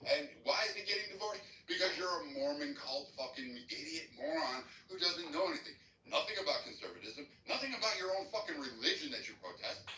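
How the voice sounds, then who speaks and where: A man launches into a foul-mouthed, angry rant in an online argument. His voice is very bright and cutting, and he sounds set back from the mic in an echoey room. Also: on the high side, sing-song, brisk, hardly any pauses, slight background noise. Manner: angry, profane ranting. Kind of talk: heated online voice-chat argument. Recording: roomy, distant sound.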